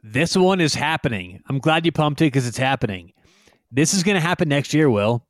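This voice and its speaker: Playful man with a higher voice. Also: expressive, brisk, dry recording, studio quality. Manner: playful, jokey, leads the questions. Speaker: podcast co-host running the segment. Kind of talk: casual sports podcast banter. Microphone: remote call, home microphone.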